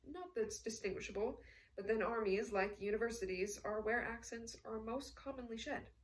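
A woman's voice: on the high side, moderate pace, far from the mic, close to an everyday voice, poor audio. A woman voicing a poised, witty aristocratic count. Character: refined aristocratic male count, composed and witty.

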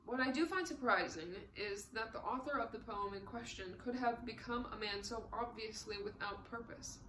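A woman's voice: on the high side, moderate pace, sharp tone, reverberant, far from the mic, slight background noise, poor audio. A woman voicing a severe male committee secretary who speaks in a formal, scornful way. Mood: disdainful.

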